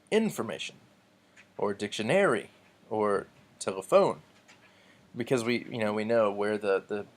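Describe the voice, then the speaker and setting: A man teaching a recorded lesson in a relaxed, explanatory way, with frequent ums and restarts. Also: on the low side. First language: English. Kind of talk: recorded classroom lecture.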